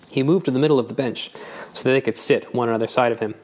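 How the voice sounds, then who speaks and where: A man narrating an audiobook with a measured, even reading. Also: mid-range voice.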